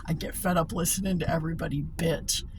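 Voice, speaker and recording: A woman's voice: low voice, fast. A woman vlogging casual stories while driving, blunt and profane and laughing often. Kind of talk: casual storytelling vlog. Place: inside a car while driving. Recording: steady car noise behind. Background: road and engine noise.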